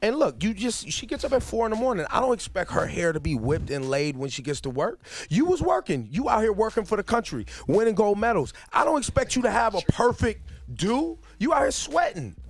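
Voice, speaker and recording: Animated, teasing male radio host. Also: sits high, a little fast, few pauses. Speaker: radio morning show host. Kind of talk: casual banter interview.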